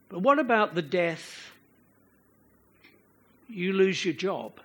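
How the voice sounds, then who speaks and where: Slow, animated husky male preacher. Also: high voice. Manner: slow, expressive preaching, chanting rhythms aloud. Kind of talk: sermon.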